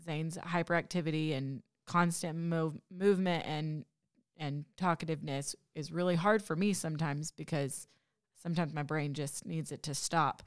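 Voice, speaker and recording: A woman's voice: deep voice, fairly even intonation, moderate pace. A woman hosting a casual podcast interview, chatty and laughing often, with frequent restarts. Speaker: podcast host.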